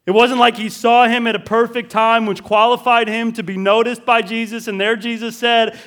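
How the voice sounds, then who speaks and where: A male pastor preaching a sermon, emphatic and conversational, repeating key words and swinging between loud declarations and hushed, slower passages. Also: sits high, steady tone. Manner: casual fillers like "listen" and "right?".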